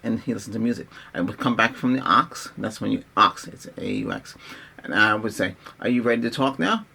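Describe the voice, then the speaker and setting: Bright-voiced man ranting casually. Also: on the low side, fairly quick, gravelly, breathy edge. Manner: rambling, exasperated, restarts often. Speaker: tech vlogger.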